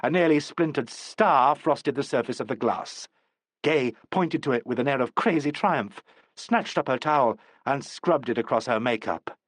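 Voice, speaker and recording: A man narrating an audiobook in a measured, expressive reading. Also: mid-range voice, dry recording. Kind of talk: scripted narration.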